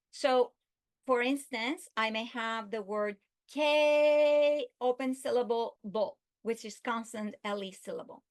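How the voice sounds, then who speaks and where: A woman giving an instructional video lesson, speaking slowly and deliberately and stretching out her example words. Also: a little high. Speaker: literacy instructor.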